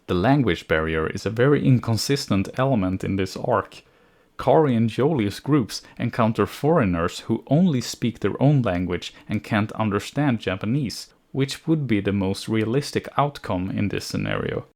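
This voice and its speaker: A man's voice: on the low side, sing-song, normal speed, a little mellow. Sardonic man reviewing a cartoon. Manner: sardonic, nitpicking, exasperated. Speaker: anime reviewer. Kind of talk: scripted review commentary.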